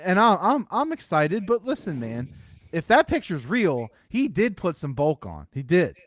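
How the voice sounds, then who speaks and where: Philly sports pod co-host, higher, animated voice, dry room. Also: male voice, normal speed, dry recording. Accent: Philadelphia. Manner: chatty, hedging, laughs easily. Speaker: podcast co-host. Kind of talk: casual sports chat.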